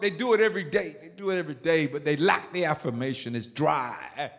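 A man preaching a sermon in a church, emphatic, swinging from soft quoted words to shouted exhortation. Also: a little high, a little fast. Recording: long reverb of a large hall.

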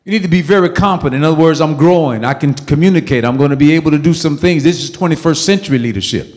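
Casting: male pastor, high tenor, emphatic call-and-response sermon, long church-hall echo. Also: fast. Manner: emphatic, call-and-response preaching with sudden loud peaks.

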